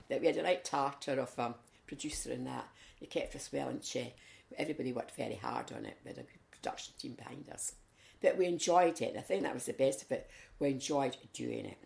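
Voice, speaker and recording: A Scottish woman chats through her stories in a low, gravelly voice, acting out the lines of the people in them. The sound carries a roomy echo. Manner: lively storyteller, acts out quotes. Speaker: interviewee, community volunteer. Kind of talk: chatty anecdotal interview. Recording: echoey room.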